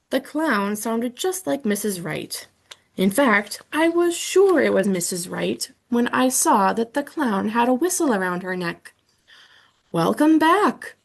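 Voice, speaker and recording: A woman's voice: medium pitch, gravelly. A woman reading a children's book aloud in the first person, telling the story with expression. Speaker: audiobook reader.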